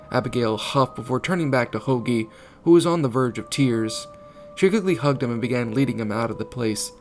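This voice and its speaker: A male narrator reads a fan story at a middle pitch, in plain storytelling tones. Soft music plays quietly underneath his voice. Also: a little fast. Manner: reads dialogue in raised, animated character voices. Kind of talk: storytelling reading with character voices.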